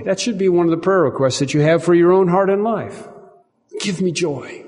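Man, pastor preaching, earnest, repeats phrases, slightly high voice, long hall reverb. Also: brisk, darkish tone. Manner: earnest, repeats phrases, rises in pitch and volume for emphasis. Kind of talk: sermon.

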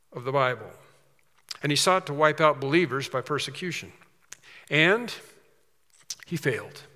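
A man's voice: fairly high pitch, bright, forceful tone, in a large hall. A man preaching a sermon as pastor, earnest and emphatic, stressing key words.

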